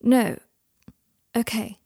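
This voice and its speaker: A woman voicing a proud, anxious young man who is sharp-tongued and defensive, with fierce, high-strung outbursts. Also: drawn-out words, dry recording. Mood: guarded.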